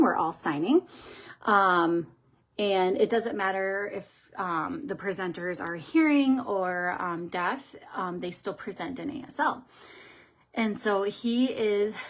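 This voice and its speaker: Woman, makeup livestream host, casual chat, rambling storyteller, middle pitch.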